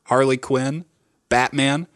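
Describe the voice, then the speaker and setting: A man's voice: medium pitch, steady tone, slow, a bit bright, smooth, dry recording, clean studio sound. A man hosting a podcast, talking in a jokey, playful way. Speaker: podcast host. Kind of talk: casual chat.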